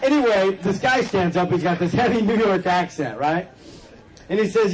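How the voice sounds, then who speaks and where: A man's voice: sits high, lively intonation, normal speed, rough recording. Joking man telling his story to a crowd. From California. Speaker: recovery convention speaker. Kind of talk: personal story talk to an audience. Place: convention hall with an audience. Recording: crowd and noise behind. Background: audience laughter and room noise.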